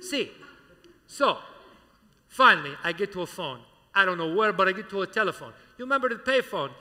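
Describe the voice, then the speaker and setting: Man playing flamboyant Italian gondolier, put-on Italian accent, broken English, bright voice, echoing auditorium. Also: high-pitched, big pitch swings, fairly quick, full character voice. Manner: broken English, chatty, playful asides to audience. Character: charismatic Italian gondolier, showy and sentimental. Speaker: stage entertainer. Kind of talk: live comic stage patter. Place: high school auditorium stage. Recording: reverberant auditorium, live.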